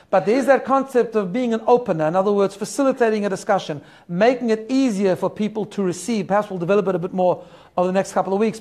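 A rabbi giving a weekly sermon, telling stories in an earnest and reflective way. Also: male voice, sits high, darkish tone.

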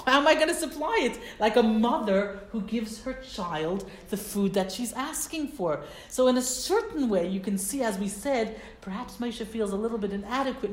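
Expressive woman teaching, roomy sound. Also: fairly high pitch, normal speed, few pauses. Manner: conversational, expressive, asks rhetorical questions. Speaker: Torah teacher. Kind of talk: casual explanatory lesson. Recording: roomy echo, faint background noise.

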